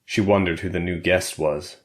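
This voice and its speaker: A deep, low male voice narrating a thriller audiobook. He reads steadily and evenly, keeping his tone controlled through the action. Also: fairly even intonation, normal speed. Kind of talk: scripted narration.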